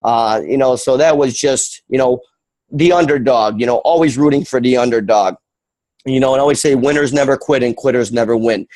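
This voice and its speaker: A man from Western New York talks with lots of energy, rambling from one point to the next and filling gaps with "uh" and "you know." His voice sits at a middle pitch and sounds close and dry, as if he is on a video call. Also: a little fast, a little mellow, no room sound, rough recording. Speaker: guest presenter. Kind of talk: sales presentation on a video call.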